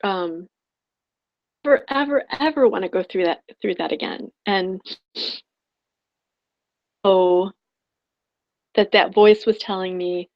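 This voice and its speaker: A woman's voice: mid-range voice, slow, long pauses, muffled recording. A woman coach telling a personal story in an online class, rambling and heartfelt with many restarts. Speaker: spiritual prosperity coach.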